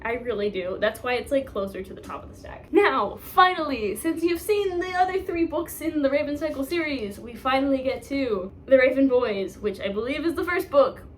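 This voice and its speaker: A woman's voice: sits high, animated, moderate pace, hardly any pauses, slight background noise. A young woman vlogging casually about her reading pile, rambling, self-mocking and full of fillers. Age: young adult. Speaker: book vlogger. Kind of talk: casual chat.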